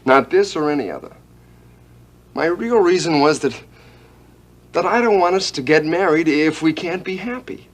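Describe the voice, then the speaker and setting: Persuasive scheming boyfriend in an 80s soap. Light, raised voice. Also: male voice, a little high, expressive, moderate pace, long pauses. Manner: coaxing, persuasive. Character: smooth-talking scheming boyfriend, Clipper. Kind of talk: 1980s TV soap opera acting.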